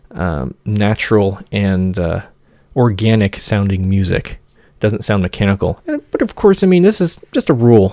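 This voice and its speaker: A man giving an informal music theory lecture, singing motifs in nonsense syllables and pausing often with fillers. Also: on the low side, darkish tone, dry recording, studio quality.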